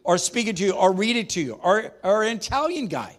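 A man's voice: high voice, very animated, a little fast, few pauses. A man preaching a sermon as pastor, emphatic, calling for responses from the congregation.

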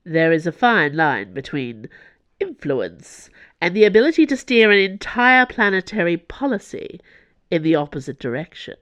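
A narrator voicing a chilling, measured lord. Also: mid-range voice, sing-song, fairly bright tone. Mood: cold. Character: chilling, powerful male lord, cool and measured.

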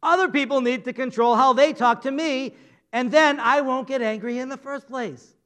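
A man's voice: very high voice, moderate pace, a bit bright. A man playing an indignant, excuse-making hothead. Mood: self-justifying. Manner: self-justifying, indignant. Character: quick-tempered adult man making excuses.

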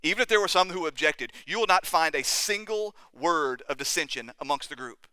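Male pastor, fervent sermon delivery, clear resonant tone, dry close sound. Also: on the high side, animated, brisk, dry recording. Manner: impassioned preaching, rising to loud cries at climaxes.

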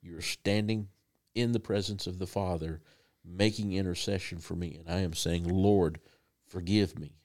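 A man preaching a sermon in a conversational, halting way with frequent restarts. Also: deep voice, fairly even intonation, a little mellow.

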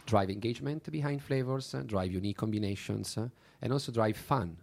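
A man's voice: fairly low pitch, fairly quick, gravelly, darkish tone. A man with an Italian accent answering interview questions about his drink company, hesitant and full of fillers and restarts. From Italy.

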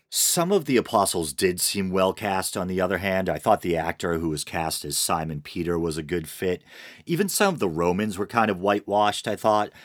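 Low-voiced man with wry asides. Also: no echo. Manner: wry, conversational, with dry asides. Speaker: film reviewer. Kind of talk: casual scripted film review narration.

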